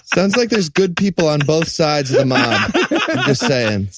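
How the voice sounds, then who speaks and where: A man co-hosting a comedic movie review podcast, throwing in quick wisecracks. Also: on the high side, sing-song, a bit bright, no room sound, clean studio sound. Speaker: podcast co-host.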